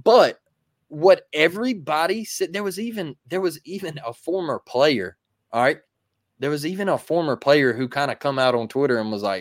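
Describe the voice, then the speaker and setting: A man's voice: a little high, moderate pace, no room sound, studio quality. Emphatic man talking college football. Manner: emphatic, preachy, repeats phrases. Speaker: podcast co-host. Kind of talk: casual sports talk.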